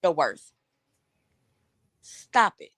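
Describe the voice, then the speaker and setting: A woman's voice: drawn-out words, noisy background. A woman co-hosting a casual chat, blunt and reflective, with casual cursing. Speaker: co-host.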